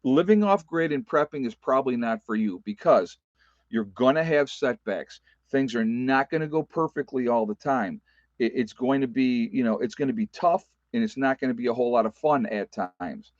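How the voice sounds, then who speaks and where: Here the off-grid prepper vlogger reads live comments and talks casually to viewers from his rural homestead, in a folksy, emphatic manner full of repetition and fillers. The voice is mid-range at a moderate pace. The sound is lo-fi with no room sound.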